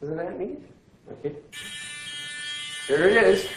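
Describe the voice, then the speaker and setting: A male physics teacher giving a classroom lecture, lively and joking as he quizzes his students. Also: sits high, slow. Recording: echoey classroom, faint noise.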